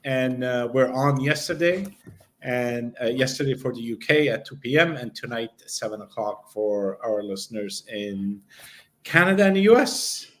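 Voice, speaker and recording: A man's voice: medium pitch, animated, normal speed. A man who hosts an online talk show as a psychic medium, laughing often and explaining ideas step by step in casual chat.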